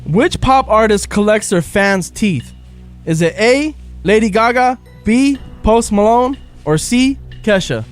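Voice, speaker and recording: A male co-host reads out quiz questions on a radio show, leaning playfully on each option. His voice is high and swings widely in pitch, with soft music faintly in the background. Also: expressive, unhurried.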